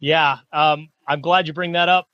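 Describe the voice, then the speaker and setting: A middle-aged man with a somewhat high-pitched voice, chatting on a podcast about hunting in a loose, rambling way. He circles back and repeats words as he thinks aloud. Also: fairly even intonation, moderate pace, dull audio. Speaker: mule deer hunting guest. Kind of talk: casual podcast conversation.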